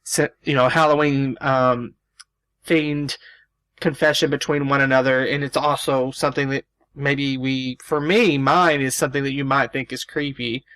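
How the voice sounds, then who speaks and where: Man, podcast co-host, bright tense tone, casual playful chat. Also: medium pitch, fairly even intonation, moderate pace, dry recording. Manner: playful, reacts with short interjections.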